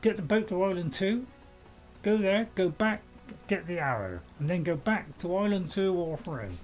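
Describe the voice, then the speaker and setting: A man in his seventies giving casual, rambling commentary as he plays a game, chatty and quick to joke at his own expense. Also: high-pitched, expressive, darkish tone, soft background music, low-quality recording. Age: 70s. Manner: rambling, chatty, joking and self-mocking. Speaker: gaming channel host.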